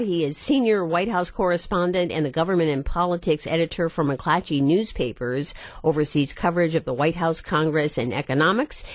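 Low-voiced radio host woman, dry studio sound. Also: no room sound. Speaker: radio talk show host. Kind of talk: public radio call-in show hosting. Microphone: studio microphone.

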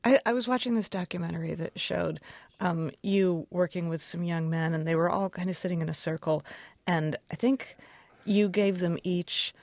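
A woman hosts an interview and asks calm, probing questions. Her voice sits low for a woman. The recording is dry and close. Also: normal speed, dry recording.

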